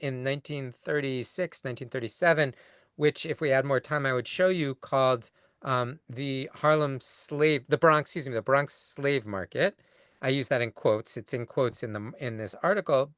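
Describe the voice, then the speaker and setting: A man's voice: mid-range voice, fairly bright tone, no echo. Male rabbi lecturing over a video call, mid-range voice, rambling and long-winded, dry close sound. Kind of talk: conversational lecture answering a question.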